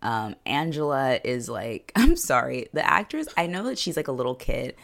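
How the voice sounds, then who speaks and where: A woman with a notably low voice and a gravelly fry runs through a TV episode recap as a podcast co-host. Her talk is loose and rambling, full of fillers and wry, sarcastic asides. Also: very animated, moderate pace, fairly bright tone. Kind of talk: casual chat.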